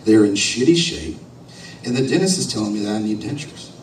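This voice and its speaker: A man's voice: on the low side, lively intonation, a little fast, close to an everyday voice. A man voicing a young worker who speaks hesitantly and pleads for help. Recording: roomy hall, distant mic, noisy.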